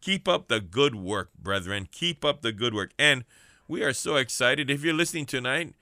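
A man's voice: mid-range voice, animated, normal speed, pushed and bright, no echo, clean studio sound. A man preaching fervently on a radio show, repeating phrases for effect as he encourages prisoners. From Hawaii. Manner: fervent, preacherly, rhetorical repetition. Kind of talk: radio sermon and shout-outs.

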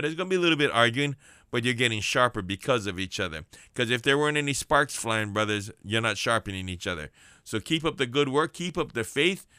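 A man's voice: medium pitch, pushed and bright, dry recording, clean studio sound. Fervent preacher man on radio. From Hawaii. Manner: fervent, preacherly, rhetorical repetition. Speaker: radio preacher and prison minister. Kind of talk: radio sermon and shout-outs.

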